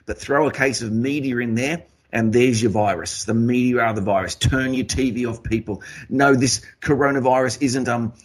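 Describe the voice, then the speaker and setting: A man's voice: medium pitch, moderate pace, few pauses. An Australian man hosting a talk podcast, ranting emphatically and swearing as he talks. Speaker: podcast host. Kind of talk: casual conspiracy talk show.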